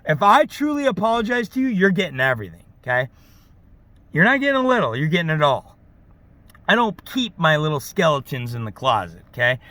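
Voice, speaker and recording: A man rants to camera in a lively, animated voice that sits high for a man, swinging up and down as he preaches. He keeps checking in with "okay?" and "right?" The recording is dry, with no room echo. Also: fairly quick. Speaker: auto service technician vlogger. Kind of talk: ranting monologue to camera.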